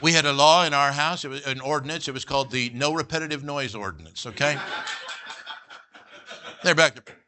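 A man's voice: fairly high pitch, brisk, long pauses, background noise. A middle-aged man preaching a sermon as pastor, folksy and joking, often checking in with "all right?" and "you know".

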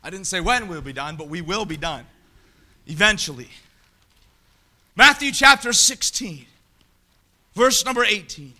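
A high-pitched, piercingly bright man preaching. He reads scripture and then drives his points home, swelling into emphatic shouts. The delivery is that of a fiery sermon. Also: lively intonation, a little slow, long pauses.

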